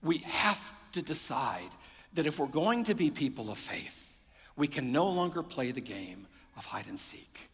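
A middle-aged man, a pastor preaching a sermon, swinging between loud emphasis and hushed near-whispers. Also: a little high, sing-song, unhurried. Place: church sanctuary. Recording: long hall reverb.

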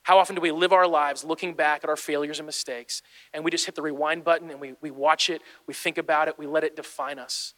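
A man's voice: a little high, quick pace. A man in his thirties, a pastor preaching a sermon, telling a personal story and building to urgent encouragement. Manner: storytelling, animated, rising to urgent exhortation. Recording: long hall reverb.

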